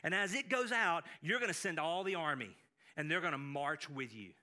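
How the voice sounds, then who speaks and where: A man preaching a sermon as pastor, animated, with frequent restarts and acted-out quotes. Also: on the high side, moderate pace.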